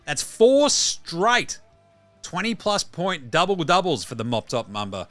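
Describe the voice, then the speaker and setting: A man's voice: a little high, very animated, unhurried, fairly bright tone, no echo, soft background music. An Australian man hosting a basketball podcast, talking in rambling, blunt, sweary casual commentary. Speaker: podcast host.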